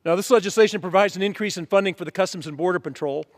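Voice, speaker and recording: A man's voice: high voice, rapid-fire. A man, a congressman, giving a floor speech in a legislative chamber and stacking points in emphatic repeated lists. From Pennsylvania. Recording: long reverb of a large chamber.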